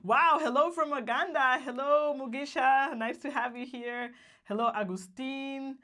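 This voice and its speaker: A woman's voice: high-pitched, unhurried, fairly bright tone. A woman from Guatemala co-hosting a casual livestream, cheerful and laughing often as she greets viewers by name. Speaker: livestream co-host.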